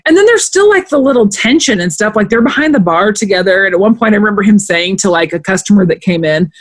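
A woman in casual chat as a podcast co-host, an animated storyteller who acts out quotes as she goes. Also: mid-range voice, fast talker.

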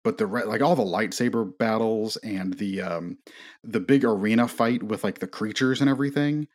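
A man's voice: on the low side, normal speed. A man talking casually on a movie podcast, rambling through strong opinions with frequent "like" and "um". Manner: rambling, opinionated, with many fillers. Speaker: podcast co-host.

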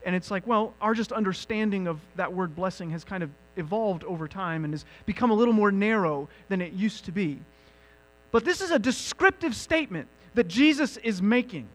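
Animated high-voiced preacher, lively pitch. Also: male voice, fairly quick, poor audio. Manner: animated teaching with emphatic asides. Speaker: pastor. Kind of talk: sermon. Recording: mains hum in background.

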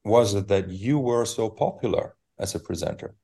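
A man's voice: lowish voice, moderate pace, vocal fry, warm tone, husky. A man hosting a podcast, dropping short agreements and casual questions to his guest. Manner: brief backchannels, casual questions. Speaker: podcast host, interviewer. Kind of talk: conversational interview.

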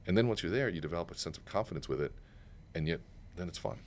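On a podcast studio set, a man who is a guest speaker and author tells stories fast and emphatically, cursing and performing the quoted lines. His low-pitched voice has lively intonation, and there's a little background noise in this animated interview.

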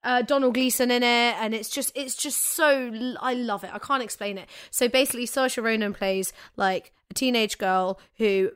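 A woman's voice: on the high side, fairly even intonation, moderate pace, few pauses, smooth. A woman with a London accent co-hosting a casual podcast, gushing enthusiastically and laughing often as she rambles. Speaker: podcast co-host.

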